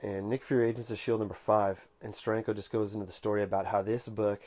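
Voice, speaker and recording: Flat-voiced man telling a casual anecdote. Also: on the low side. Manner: unhurried, conversational storytelling. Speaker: comic collector vlogger.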